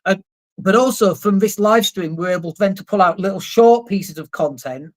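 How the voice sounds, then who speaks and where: His voice is high-pitched and moderately paced as he chats on a livestream, a marketing coach seated indoors at a computer in Spain. Blunt and emphatic, he swears casually and ridicules objections by putting on voices.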